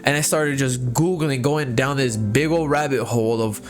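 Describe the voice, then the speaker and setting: A young man telling a story in a casual vlog, profane, excitable and rambling. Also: mid-range voice, normal speed, soft background music. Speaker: vlogger.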